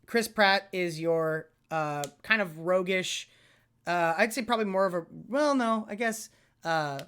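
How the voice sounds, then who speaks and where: A man's voice: high-pitched, measured pace, fairly bright tone, clean tone. A man co-hosting a podcast, chatting casually in a rambling way with many fillers and restarts. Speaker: podcast co-host. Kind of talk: casual chat.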